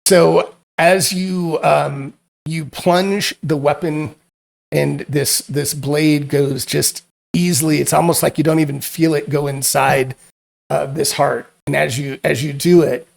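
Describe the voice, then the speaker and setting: Game master, male, slow and halting, gravelly edge. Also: fairly high pitch. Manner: halting, repeats words while narrating. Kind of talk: narrating a tabletop game.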